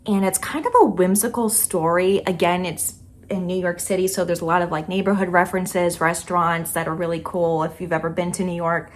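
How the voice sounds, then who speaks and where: A woman's voice: lowish voice, fairly even intonation, brisk, a little hiss or hum. A young woman chatting casually about books she loved, with lots of filler words. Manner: chatty, many "like" and "kinda" fillers. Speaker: book vlogger. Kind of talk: casual book review chat.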